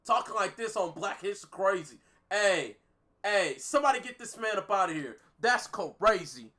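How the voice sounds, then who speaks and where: Excitable, bright-voiced young man reacting. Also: high voice, moderate pace. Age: 20s. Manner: excitable, repeats himself, laughs loudly. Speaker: reaction video host. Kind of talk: casual reaction commentary.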